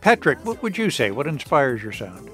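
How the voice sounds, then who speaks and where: Animated male radio host, mid-pitched, playful interviewer. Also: normal speed, faint music behind. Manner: playful, expressive questioning. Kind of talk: broadcast interview.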